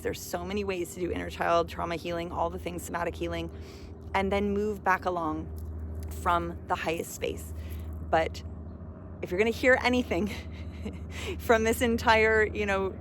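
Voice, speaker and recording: A woman's voice: fairly low pitch, fairly even intonation, normal speed, pauses often, a little hiss or hum. A woman coaching listeners in a casual motivational talk, earnest and often saying "like", rising to emphatic urging. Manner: earnest, says "like" often, gets emphatic and loud. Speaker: spiritual self-love coach.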